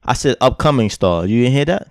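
A man's voice: mid-range voice, expressive, a little fast, no echo, clean studio sound. A young man co-hosting a podcast in casual chat, speaking in a blunt, profane way. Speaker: podcast co-host.

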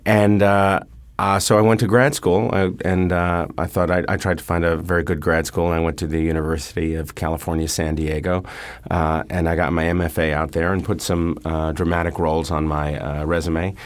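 A middle-aged man talks as an interview guest, his voice sitting very low and deep. He speaks thoughtfully, stopping often with fillers as he works through his answers. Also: little pitch movement, a little fast. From New York. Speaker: stage actor guest. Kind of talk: relaxed interview talk.

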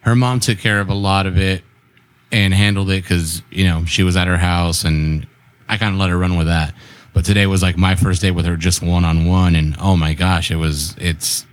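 A man's voice: sits low, fairly even intonation, normal speed. A man talking casually as a podcast co-host, swearing freely and retelling stories in quoted dialogue. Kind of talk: casual chat.

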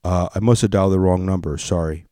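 A man's voice: low-pitched, quick pace, mellow, no echo, studio quality, natural voice. A man playing a confused, hungry male caller ordering pizza, hesitant and baffled, in a joke he reads aloud.

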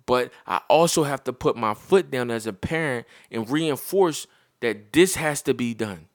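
A man's voice: mid-range voice, sing-song, normal speed, no room sound, studio quality. A man and parent giving a blunt, heated, profane opinion monologue to his viewers.

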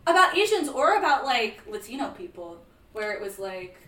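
A woman with a slightly high voice joins a relaxed movie chat, laughing often. She is heard from a little away from the mic in a roomy space with faint noise. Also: normal speed, far from the mic. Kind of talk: casual movie discussion.

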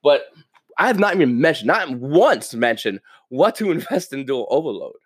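A man's voice: medium pitch, normal speed, breathy edge, no room sound, clean studio sound. A man hosting a casual solo podcast, ranting with energy, stumbling over repeated words and cursing now and then. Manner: animated, ranting, stammers and repeats words, swears. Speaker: podcast host.

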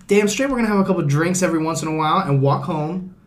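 A man's voice: a little high, fast talker. A man hosting a podcast, telling rambling, profane stories in casual chat. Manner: acts out cops and others in quoted voices. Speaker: podcast host.

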